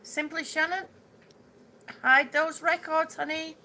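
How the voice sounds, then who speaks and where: Middle aged woman on a livestream, high and kinda gravelly, rambly chatty, faint hiss behind. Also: fairly even intonation, takes it slowly, sharp tone. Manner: chatty, repeats herself, loses words and laughs it off. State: ringing in the ears, yawning, hungry. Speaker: livestream host reading viewer comments. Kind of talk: casual live chat with viewers.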